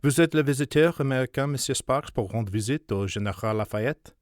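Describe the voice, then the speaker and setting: A man voicing a haughty French footman who speaks rapid French and halting, broken English with a French accent. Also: mid-range voice, dry recording, clean studio sound, pitched above the performer's own voice, natural voice. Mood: curt.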